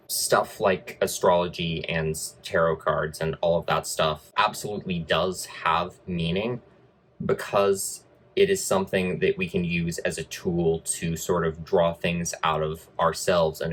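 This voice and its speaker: A man's voice: low-pitched, a bit bright, low-quality recording. A man giving a casual film review with wry, sarcastic asides.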